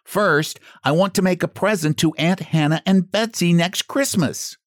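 A man voicing a timid male scarecrow who sobs and pleads in a high, slow voice. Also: dry recording, studio quality. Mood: anxious. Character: sobbing timid male scarecrow, eager to be useful.

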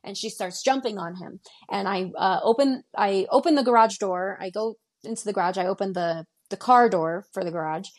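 A woman's voice: mid-range voice, moderate pace, few pauses. Guest: woman in her twenties from Denver, recounting events in present tense and voicing each line of dialogue. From Denver, Colorado. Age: 20s. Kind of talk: recounting a personal story.

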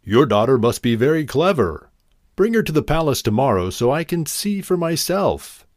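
A man's voice: medium pitch, big pitch swings, measured pace, creaky, darkish tone, no room sound, studio quality, pitched above the performer's own voice. A man voicing a demanding king in a storybook reading, with a commanding manner.

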